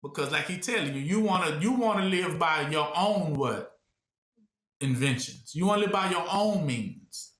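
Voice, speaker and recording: In a roomy, echoing space, a man with a fairly high, expressive, slightly bright voice teaches the Bible at a moderate pace. He preaches conversationally and repetitively, posing rhetorical questions in a call-and-response style so his listeners can finish them.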